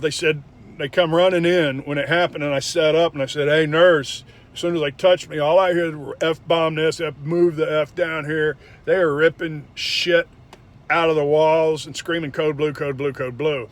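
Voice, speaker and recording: A young man bluntly telling a personal story, with frequent swearing and emphatic retellings. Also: fairly high pitch. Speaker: former indie wrestler.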